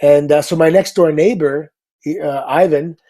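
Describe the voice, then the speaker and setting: A middle-aged man, a guest on a talk show, telling a story in an upbeat, casual way with quick asides. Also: a little high. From Canada. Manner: lively anecdote teller, upbeat, quick asides.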